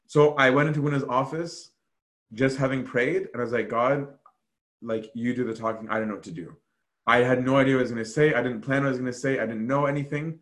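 Here a man at medium pitch talks fast, recounting tales from a monastery in casual fashion. Fillers come often, and he dramatizes each quotation as he tells the story with energy.

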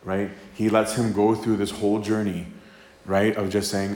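Male priest, lowish voice, casual sermon delivery, acts out quotes, peppers in "right?", echoey live room. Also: flat delivery, moderate pace, darkish tone. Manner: conversational, acts out quoted dialogue, frequent "right?". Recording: roomy live talk with faint ambience.

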